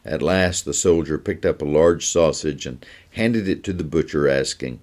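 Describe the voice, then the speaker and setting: A man, a pastor, reading a children's story aloud in a steady storytelling manner. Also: extremely low pitch, normal speed, hardly any pauses.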